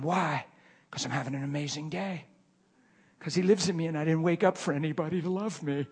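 Husky-voiced man preaching a story. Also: a little high, a little fast. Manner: swings from hushed murmurs to loud excited bursts. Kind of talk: sermon storytelling.

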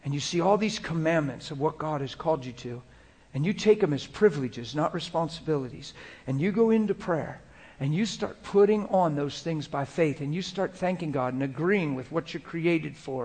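A male preacher with a slightly higher voice, talking to a room of listeners in a relaxed, conversational sermon. He drops into soft, murmured prayer and then brightens into goofy, laughing anecdotes. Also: moderate pace. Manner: conversational, shifts into soft spoken prayer and playful storytelling. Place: church room before a congregation.

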